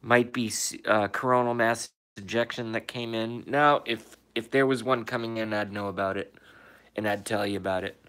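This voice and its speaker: This livestream host sits indoors in his room, working through the chat by reading comments aloud, replying with swearing and pointed rhetorical questions. He speaks on the low side at a moderate pace, with fairly even intonation and a slightly bright, clean tone.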